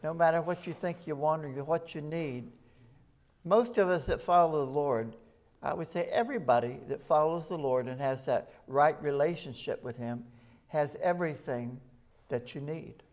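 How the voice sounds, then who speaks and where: A man's voice: a little high, normal speed, darkish tone. A man preaching an evening sermon at a rescue mission, talking plainly to the congregation and reading scripture aloud with rising emphasis.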